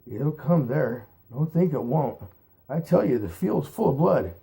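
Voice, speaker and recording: A man's voice: lowish voice, animated, moderate pace, mellow. A man reading aloud and voicing a timid young male rabbit who trembles and pleads in fear. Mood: whimpering.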